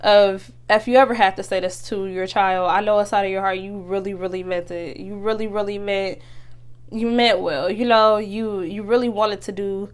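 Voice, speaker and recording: A woman's voice: medium pitch, steady tone, moderate pace, clear, resonant tone. A young woman, hosting a casual motivational talk, chatty and earnest with many fillers and restarts. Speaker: podcast host.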